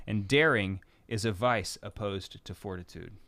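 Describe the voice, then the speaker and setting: A man's voice: fairly low pitch, measured pace, hardly any pauses, bright, forceful tone, no echo. Man explaining Catholic teaching casually. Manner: explains loosely, with lots of fillers and acted-out inner thoughts. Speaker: podcast co-host.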